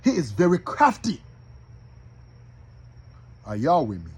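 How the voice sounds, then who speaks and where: A man's voice: a little high, huge pitch swings, slow, darkish tone, husky. A man preaching to an audience, emphatic and repetitive, addressing his listeners directly.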